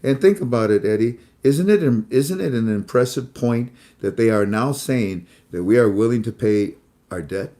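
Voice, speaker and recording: A man's voice: mid-range voice, normal speed, dark tone. A man hosting a casual commentary, talking in a rambling, repetitive way with many fillers. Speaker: host.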